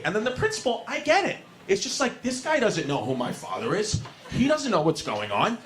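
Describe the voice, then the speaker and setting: A male stand-up comedian in a comedy club, telling stories in a loud, rowdy, profane way on a stage mic. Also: sits high, sing-song, fairly quick.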